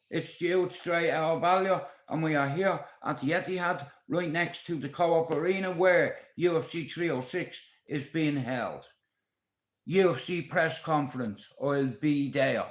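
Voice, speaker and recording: A man's voice: on the high side, measured pace, echoey room. A man with a Dublin accent, vlogging in a brash, rambling, sweary way. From Ireland. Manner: brash, sweary, puts on voices for bits. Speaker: YouTube vlogger. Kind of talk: rambling casual vlog.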